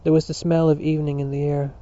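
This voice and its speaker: A man reading a novel aloud as narrator in a measured storytelling manner. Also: on the high side, little pitch movement, mellow. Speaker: audiobook narrator. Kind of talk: scripted narration. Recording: dull lo-fi recording.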